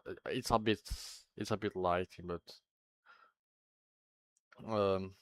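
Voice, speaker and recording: A man's voice: low-pitched, steady tone, takes it slowly. A man hosting a livestream, chatting casually with his viewers in a rambling, self-interrupting way and sounding a little anxious. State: a bit anxious. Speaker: livestream host.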